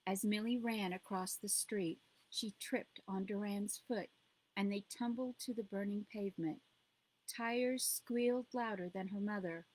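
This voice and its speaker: A woman narrates her own book aloud. Her pitch sits in the middle range, and her delivery stays steady and measured. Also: rough recording. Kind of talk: audiobook reading.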